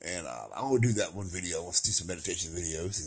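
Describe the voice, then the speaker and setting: A man in his late forties talking casually at home, swinging between loud, laughing outbursts and soft, low musings. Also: very fast, hardly any pauses. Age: 40s. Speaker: vlogger. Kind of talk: casual rambling monologue. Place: at home lying in bed by an open window.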